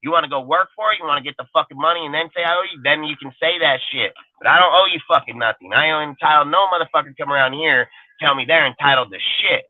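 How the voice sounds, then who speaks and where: A man's voice: a little high, fast, no room sound. A young man ranting heatedly and profanely as the host of a call-in show, swaggering and blunt. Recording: tinny phone-line sound.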